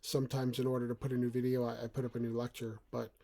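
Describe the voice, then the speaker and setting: Middle-aged male channel host, casual and rambling with repeated words; mellow tone, small home room. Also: mid-range voice, completely flat delivery, very fast, creaky. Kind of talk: casual talk to camera.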